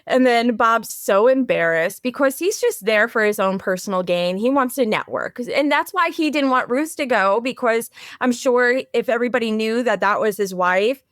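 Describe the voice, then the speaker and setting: A woman's voice: on the high side, animated, moderate pace, few pauses, no echo, clean studio sound. A woman co-hosting a casual podcast, talking animatedly and slipping into playful impressions. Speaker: podcast co-host.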